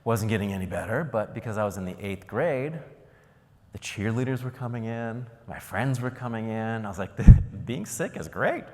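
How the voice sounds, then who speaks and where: A man from Ohio giving a keynote speech, telling stories with jokes and acting out the scenes. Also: medium pitch. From Ohio, United States. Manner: animated, joking storyteller acting out scenes. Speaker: keynote speaker. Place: large conference hall. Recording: long reverb of a large hall.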